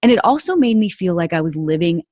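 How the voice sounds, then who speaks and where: A woman's voice: lowish voice, very animated, quick pace, mellow, no room sound, studio quality. A woman hosting a podcast, telling a personal story in an earnest, confiding way and speaking straight to her listeners. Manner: earnest and confiding, addresses listeners as "you guys". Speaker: podcast host.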